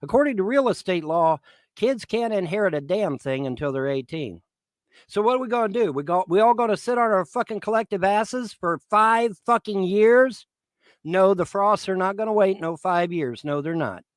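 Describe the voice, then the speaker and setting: A man's voice: sits high, animated, normal speed, no echo. A man in his fifties on a livestream, swearing and making threats in a repetitive rant. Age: 50s.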